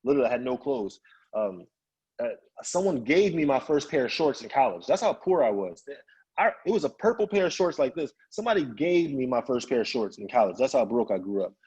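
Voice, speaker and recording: A man from Chicago, a guest speaker telling a personal story in an animated way and acting out the voices of the people in it. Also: medium pitch, a little fast, breathy edge, highs cut off. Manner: animated, acts out quoted voices of family and friends.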